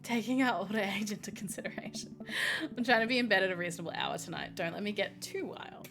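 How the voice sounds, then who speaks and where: A woman voicing a dry, teasing middle-aged man with a deadpan delivery. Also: mid-range voice, quick pace, over music, natural voice.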